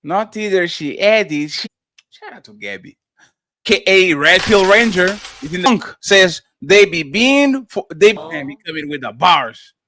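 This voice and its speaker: Animated male livestream host. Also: high-pitched, unhurried, slight background noise. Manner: loud, animated, shouts out chatters. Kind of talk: live stream chat reading.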